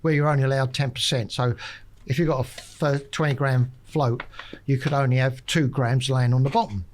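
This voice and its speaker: A man speaking casually in a podcast studio, telling a long story. He often restarts his sentences, repeats words and trails off before getting back to the point. His voice sits at an ordinary middle pitch. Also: steady tone, normal speed, slight background noise, rough recording. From England. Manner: rambling storyteller with many restarts. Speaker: podcast guest, match angler. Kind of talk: casual anecdote.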